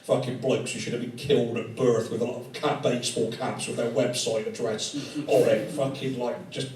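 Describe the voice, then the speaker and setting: A man's voice: medium pitch, flat delivery, normal speed, darkish tone, slight background noise. A male comedian doing live stand-up in a tattoo studio, rambling and swearing freely in a conversational way. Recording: echoey room, distant mic, audience laughter.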